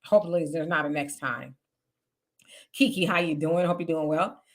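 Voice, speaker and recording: A woman's voice: low-pitched, moderate pace. A woman hosting a casual live stream, chatting with viewers and reading their comments aloud. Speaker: livestream host reading chat comments.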